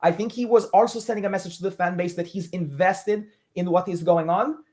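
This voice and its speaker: Measured woman co-hosting sports talk. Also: fairly low pitch, steady tone, darkish tone. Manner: measured, analytical, with military comparisons. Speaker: co-host.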